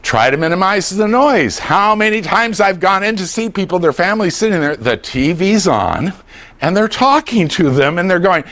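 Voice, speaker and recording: A man's voice: high-pitched, moderate pace. An older man giving a humorous talk on dementia care to a class, joking and acting out voices of family members. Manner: animated, jokey, acts out voices.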